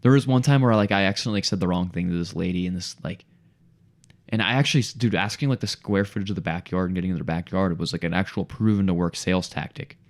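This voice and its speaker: With a deep voice and a quick pace, this young man recounts a story on the podcast he co-hosts. Casual and animated, he performs the dialogue of the people involved and peppers his talk with "dude" and "bro."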